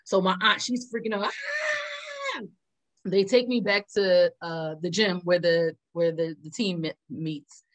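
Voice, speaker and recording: A woman's voice: on the low side, moderate pace, few pauses. A woman co-hosting a casual chat, telling a story with lots of laughter and acted-out quotes. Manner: animated, laughs often, acts out quotes. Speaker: co-host.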